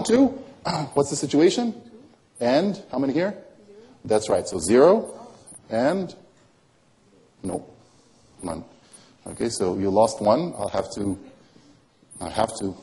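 A man runs close-up magic for a volunteer, teasing her and coaxing her with question after question. His pitch swings freely up and down. His tone is mellow and soft-edged. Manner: playful, teasing patter; coaxing, asks many questions.

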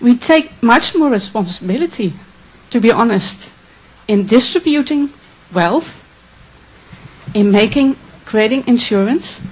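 A woman from the Netherlands, asking an earnest, emotional question at a conference Q&A with many halting restarts. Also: on the high side, lively intonation, husky, poor audio. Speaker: audience member asking a question.

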